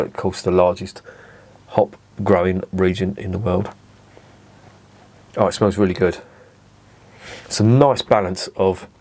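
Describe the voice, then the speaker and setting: Chatty man reviewing beer, low voice. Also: darkish tone. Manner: chatty, rambling, savouring. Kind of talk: casual tasting review to camera.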